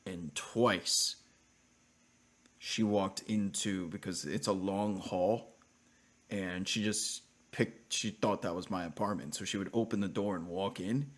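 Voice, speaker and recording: A man streaming live, telling a rambling, animated anecdote with frequent self-interruptions in a casual chat style. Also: sits low.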